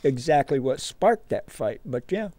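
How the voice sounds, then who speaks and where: A man's voice: mid-range voice, very animated, unhurried, dark tone, no room sound. A man co-hosting a radio show, reading odd news with playful sarcasm.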